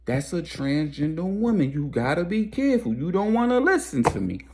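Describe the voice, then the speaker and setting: A man's voice: fairly high pitch, big pitch swings, moderate pace, darkish tone, pitched above the performer's own voice. A man acting out a young man who teases his friend in a raised, mocking, insistent voice. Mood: mocking told-you-so.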